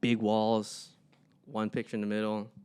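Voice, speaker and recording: A man's voice: lowish voice, unhurried, clear, resonant tone. A young man, a podcast co-host, telling stories in a casual chat and acting out the people in them. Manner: animated, acts out people in his stories.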